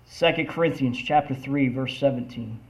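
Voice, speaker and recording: A man with a mid-range voice preaches a sermon, reading scripture aloud in slow, emphatic lines and pausing to ask the congregation "Amen?"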